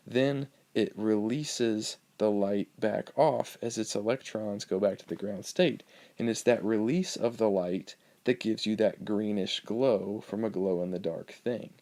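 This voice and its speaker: A male biology teacher giving a recorded lecture over slides, explaining in a relaxed way with frequent ums and uhs. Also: fairly low pitch.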